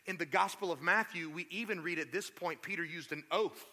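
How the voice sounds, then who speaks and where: A male pastor preaching a sermon, telling the story in a lively, conversational way with asides to the congregation. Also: on the high side, brisk, hardly any pauses. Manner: animated storytelling, acts out quotes.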